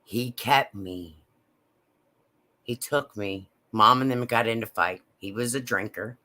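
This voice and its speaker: A woman telling a personal story in a slow, halting, emotional way. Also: extremely low pitch, pushed and bright. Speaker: vlogger.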